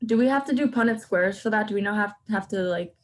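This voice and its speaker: A woman student speaks up in an online class to ask her professor a question. She sounds hesitant, pausing as she gets to her point. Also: medium pitch.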